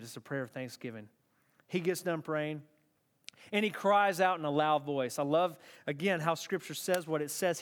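A man preaching a sermon, emphatic and repetitive, moving from hushed to intense. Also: on the high side. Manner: emphatic, repeating phrases, swinging from hushed to intense.

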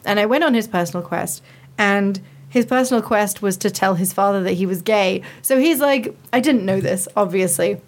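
Animated woman telling stories on a panel. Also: mid-range voice, normal speed. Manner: animated storyteller who acts out quotes. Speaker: writer on a panel. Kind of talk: casual panel chat.

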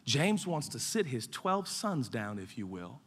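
A man preaching a sermon as pastor, swinging from shouted peaks to hushed, low asides. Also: big pitch swings, unhurried, husky. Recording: echoey hall with long reverb.

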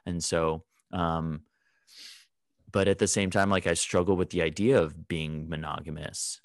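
A man's voice: low voice, steady tone, a little slow, no room sound, studio quality. A man talking candidly in a casual podcast chat, rambling with fillers. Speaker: podcast guest.

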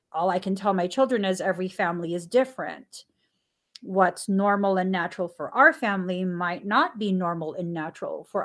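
Woman guest, casual anecdotal storyteller; animated delivery with frequent laughter and acted-out dialogue. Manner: animated, laughs often while telling stories; acts out dialogue with sudden pitch jumps. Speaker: stay-at-home mom and podcast guest.

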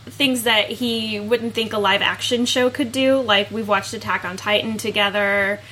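A woman's voice: medium pitch, fairly even intonation, moderate pace, bright, forceful tone, slight background noise, poor audio. A young woman co-hosting a podcast, chatting in an easygoing, self-mocking way. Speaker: podcast co-host. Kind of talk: casual chat.

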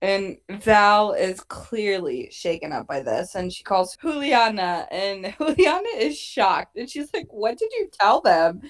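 A woman in casual podcast chat recapping a TV show, animated and swearing freely, acting out quotes from the characters. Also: mid-range voice, measured pace, hardly any pauses. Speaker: podcast co-host.

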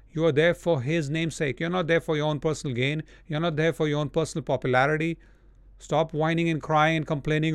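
A man's voice: on the high side, dry recording. A man preaching a sermon, hammering repeated commands and mimicking whining people. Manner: forceful, repetitive exhortations, mocking whiny voices.

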